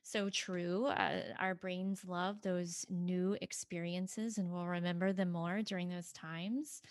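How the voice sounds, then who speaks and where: A woman's voice: fairly low pitch, fairly even intonation, takes it slowly, no echo. A woman hosting a podcast interview, affirming her guest and asking multi-part questions. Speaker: podcast host. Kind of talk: interview conversation.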